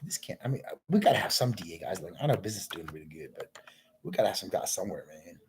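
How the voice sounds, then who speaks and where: A man's voice: low voice, very animated, very fast, a little hiss or hum. A man talking in a rambling solo monologue, drifting from thought to thought and calling the listener "man.".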